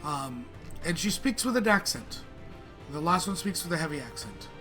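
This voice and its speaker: A man running a tabletop game, narrating at a measured pace with occasional hesitation. His voice is slightly high, and music plays clearly behind him. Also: very animated. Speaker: game master.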